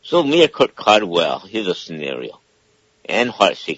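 Deep, husky caller explaining at length. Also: male voice, wildly swooping pitch, unhurried, a bit bright, no room sound, highs cut off. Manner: explaining at length, keeps checking in with "okay?". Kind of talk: casual call-in talk.

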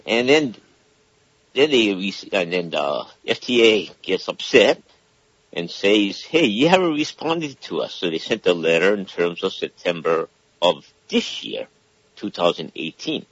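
A man with a very deep, husky voice calls in to a radio show and lays out his point at length. He keeps pausing to check in with "okay?", and the line sounds dry and dull. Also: animated, a bit bright, no room sound. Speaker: caller. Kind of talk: casual call-in talk.

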